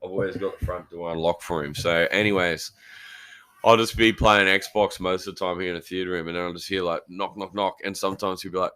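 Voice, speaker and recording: Low-voiced Australian guy telling stories. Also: steady tone, fairly quick, bright, forceful tone, clean tone. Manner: rambling storyteller, swears, laughs. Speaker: podcast guest. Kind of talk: crude casual banter.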